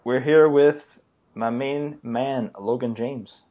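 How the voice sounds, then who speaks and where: A man's voice: medium pitch, fairly even intonation, slow, narrow, tinny audio. A man co-hosting a casual podcast, laid-back and joking with his friend. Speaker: podcast co-host. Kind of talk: casual chat.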